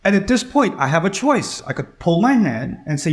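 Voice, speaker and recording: Telling stories in a religious lecture on Islam, a middle-aged man voices the characters he quotes. His high voice swings widely in pitch while he keeps a normal speed.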